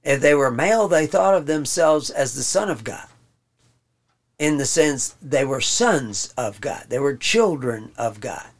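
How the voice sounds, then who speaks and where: Guy leading a bible study, mid-pitched voice, stops and restarts a lot, goes through it word by word. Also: lively intonation. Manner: halting, restarts often, explains word by word. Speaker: Bible teacher. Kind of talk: informal Bible study teaching.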